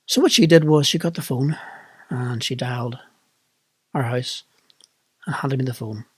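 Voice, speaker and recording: A middle-aged vlogger from Northern Ireland, speaking with a Northern Irish accent, candidly reflects on a personal experience in a monologue. His mid-range voice is measured in pace with a breathy edge, recorded without echo.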